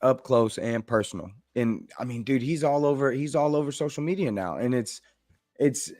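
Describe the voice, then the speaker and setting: A man's voice: mid-range voice, animated, normal speed, darkish tone, dry recording, studio quality. Emphatic man co-hosting sports talk. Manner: emphatic, repeats himself for effect. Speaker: podcast co-host. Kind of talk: casual sports chat.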